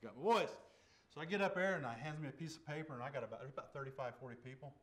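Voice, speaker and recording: A man telling his conversion story in church as a lay preacher, folksy and plain, dropping to a hush and then bursting out loud. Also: mid-range voice, racing. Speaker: lay preacher giving testimony. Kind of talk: testimony sermon. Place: church service.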